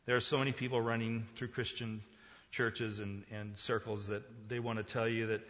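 A male pastor giving a sermon, swinging from quiet talk to loud, emphatic preaching. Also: on the low side, little pitch movement, normal speed, big-room sound, muffled recording.

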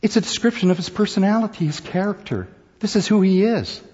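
A man preaching a sermon, emphatic and animated, dropping to soft asides and rising to loud points. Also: high voice, brisk. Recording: long hall reverb, dull lo-fi sound.

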